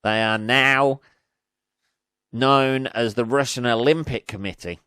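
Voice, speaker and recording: A man's voice: mid-range voice, slow, sharp tone, smooth, no room sound, studio quality. A man hosting a solo podcast, ranting casually with lots of swearing and sarcasm, laughing at his own jokes. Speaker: podcast host.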